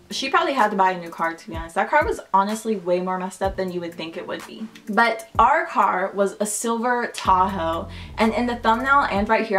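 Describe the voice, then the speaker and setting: A woman's voice: mid-range voice, fairly bright tone. Chatty young woman vlogger. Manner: chatty, heavy use of "like". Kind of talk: casual storytime.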